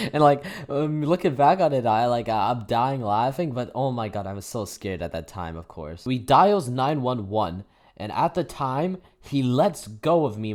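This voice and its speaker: A man's voice: medium pitch, darkish tone. A teenage boy telling a story in a casual, swearing way, laughing as he goes. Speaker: gaming youtuber. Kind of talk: storytime narration over gameplay.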